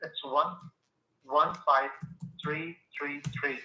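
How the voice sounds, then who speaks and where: A man's voice: a little high, steady tone, slow pace, echoey room. A man on a phone call, giving insistent, repetitive instructions. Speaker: scam caller.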